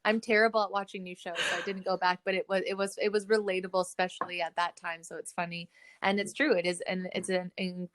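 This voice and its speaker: A woman's voice: lowish voice, level tone, fast talker, a bit bright, no room sound. A woman co-hosting a casual podcast, putting questions to her co-host in an easygoing way.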